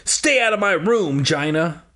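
A shrill, accusing young girl, her voice swinging high and wide as she lashes out, put on by a man reading a storybook aloud. She drags her words slowly. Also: animated. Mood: cold anger. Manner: shrieking, accusatory. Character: furious frightened young girl.

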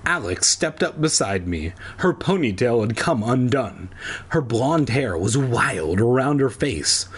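A man's voice: on the low side, slightly rough. A man reading a children's book aloud and breaking off for wry, crude jokes. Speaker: reader.

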